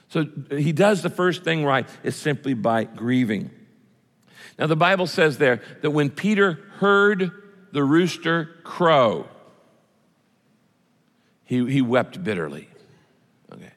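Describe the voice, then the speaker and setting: Male pastor, emphatic and repetitive sermon delivery, lively pitch, hall reverb. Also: slow, long pauses.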